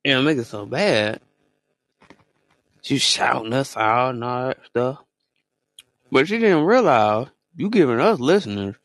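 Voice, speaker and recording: A man co-hosting a podcast in casual chat, telling stories in slang with sudden high exclamations. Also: expressive, unhurried, long pauses, a bit bright, no room sound. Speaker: podcast co-host.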